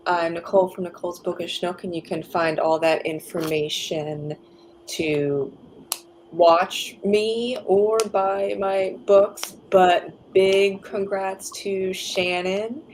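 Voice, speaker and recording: A woman's voice: medium pitch, steady tone, slow pace, darkish tone, slight background noise, low-quality recording. A tired woman on a video call, introducing herself and laughing often. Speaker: panel guest.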